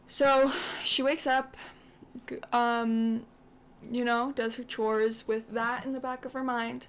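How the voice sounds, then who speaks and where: A woman's voice: on the high side, level tone, takes it slowly, smooth. A woman hosting a gaming channel, casually retelling her game's story in a chatty, rambling way with lots of "like".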